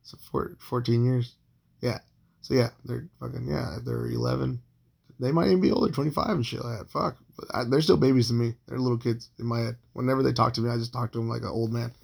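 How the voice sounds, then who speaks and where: Gravelly, husky man in his thirties rambling. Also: mid-range voice, steady tone, fast talker, darkish tone. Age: 30s. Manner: profane, rambling, with frequent fillers and restarts. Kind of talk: casual storytelling monologue.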